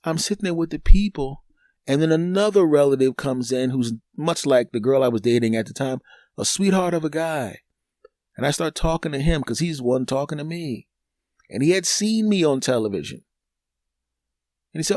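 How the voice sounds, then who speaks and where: A man's voice: on the high side, a little fast, dry recording. A male comedian spins a long personal story on his podcast, his voice leaping way up whenever he mimics the people in it. The sound is close and dry, with no room around him. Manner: animated, acts out other people's voices in the story.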